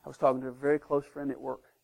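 A man preaching a sermon as pastor of his church, emphatic, swinging between loud declarations and hushed asides. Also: mid-range voice, completely flat delivery, rapid-fire, gravelly.

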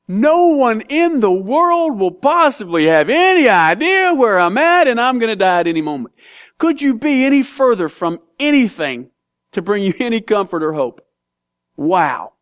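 A man preaching a sermon as pastor, animated and joking, with big dramatic swings in pitch and loudness. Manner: reads scripture aloud.

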